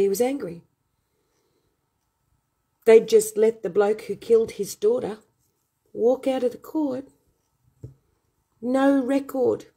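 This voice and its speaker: A woman's voice: lowish voice, warm tone, slightly rough. A woman hosting her own online show, ranting furiously and scornfully at her viewers with insults and rhetorical questions. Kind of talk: angry ranting livestream monologue.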